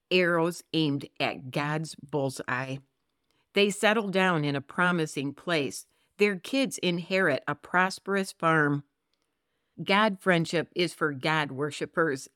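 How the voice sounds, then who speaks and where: A woman co-hosting a Christian podcast, talking earnestly and reading scripture slowly and expressively. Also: on the low side, a bit bright, dry recording, clean studio sound. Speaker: podcast co-host.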